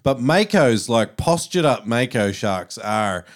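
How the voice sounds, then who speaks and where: A man with a medium-pitched voice hosts a laid-back conversation. He asks his questions loosely, with a few "um"s along the way. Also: takes it slowly. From Queensland, Australia. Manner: relaxed, asks questions with fillers. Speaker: podcast host. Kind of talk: casual interview.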